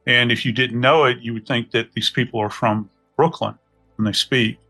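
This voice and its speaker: A middle-aged man from New Orleans with a Southern US accent, a podcast guest telling reflective stories in an unhurried, folksy way. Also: mid-range voice, fairly even intonation, bright, forceful tone, soft background music. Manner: unhurried, folksy, many "you know" asides. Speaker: podcast guest, death investigator. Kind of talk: reflective storytelling conversation.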